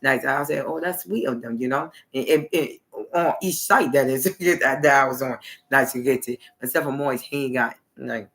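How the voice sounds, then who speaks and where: A man's voice: medium pitch, fairly even intonation, normal speed, a bit bright. A man hosting a live video stream, talking in a rambling, repetitive way and often trailing off mid-sentence. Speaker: livestream host. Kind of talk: rambling livestream monologue.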